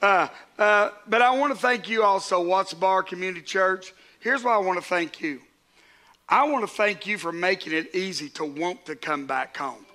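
A man's voice: high-pitched, normal speed, sharp tone. A man, a pastor preaching a sermon to his congregation in a conversational way, with asides to the crowd.

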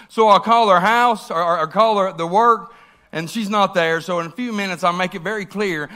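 A man's voice: high-pitched, normal speed, bright, forceful tone. A man, preaching a sermon and telling a story, acting out the quotes with big swings in voice. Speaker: pastor.

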